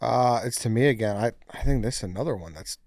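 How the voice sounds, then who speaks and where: A man hosting a casual podcast, calling turns and talking in a relaxed way. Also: medium pitch, fast, dry recording, studio quality. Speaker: podcast host running a draft. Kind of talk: casual chat.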